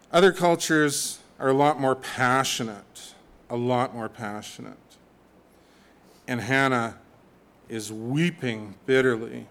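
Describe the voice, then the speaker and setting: A man preaching a sermon in a conversational, animated way, with humorous asides. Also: medium pitch.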